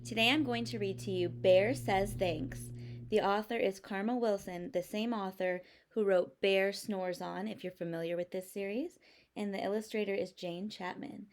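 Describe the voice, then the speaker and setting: A teacher reading a picture book aloud to young children, expressive and explanatory. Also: female voice, medium pitch, moderate pace.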